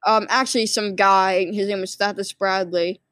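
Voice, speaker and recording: A woman's voice: mid-range voice, fairly even intonation, moderate pace, a bit bright, no echo. A sleepy woman casually rambling through a movie plot summary, full of fillers and restarts. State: sleepy, yawning. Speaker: movie recap vlogger.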